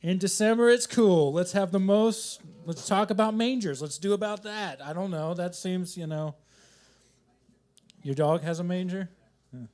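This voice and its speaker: A man's voice: sits high, moderate pace, darkish tone. A man doing stand-up at a coffee shop open mic, rambling and self-deprecating as he riffs from joke to joke, on a handheld mic. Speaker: stand-up comedian.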